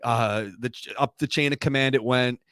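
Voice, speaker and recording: A man's voice: medium pitch, steady tone, normal speed, fairly bright tone, smooth, no echo, studio quality. A man hosting a casual podcast chat, telling rambling stories that keep interrupting themselves. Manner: rambling storyteller, self-interrupting. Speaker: podcast host. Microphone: studio microphone.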